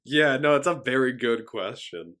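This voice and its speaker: A man's voice: mid-range voice, animated, moderate pace, fairly bright tone. A man co-hosting a podcast, chatting casually about a film, laid-back and agreeable with an amused edge. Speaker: podcast co-host. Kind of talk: casual film review chat.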